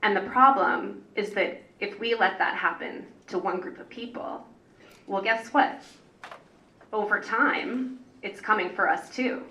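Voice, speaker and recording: Her voice is mid-range, bright and pushed, and she speaks a little slowly. As a parent organizer on a public panel, she talks off the cuff in an earnest, rambling way, filled with fillers and restarts, recorded by a distant mic in an echoey hall.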